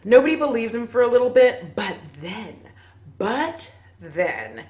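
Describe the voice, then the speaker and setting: A woman in her thirties casually retelling a movie for a podcast, rambling and profane, with playful asides and quick voices for the characters. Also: fairly high pitch, big pitch swings, a little mellow. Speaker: podcast host. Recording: roomy echo.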